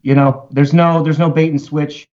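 A man's voice: fairly high pitch, level tone, moderate pace, darkish tone. Rambling jokey man with Baltimore accent. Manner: rambling, jokey, many fillers. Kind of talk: casual podcast chat. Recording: slightly dull lo-fi audio.

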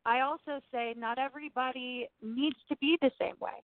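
Woman guest, casual and earnest, slightly high, phone-like dry sound. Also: steady tone, normal speed, no echo. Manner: chatty, earnest, with frequent "like" and restarts. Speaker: guest medium. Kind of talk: casual chat.

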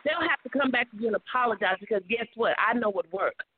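A woman's voice: a little high, animated, fast talker, slightly rough, narrow, tinny audio. A woman hosting a call-in show, giving earnest, encouraging advice with preacher-like repetition. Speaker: radio talk show host, life coach.

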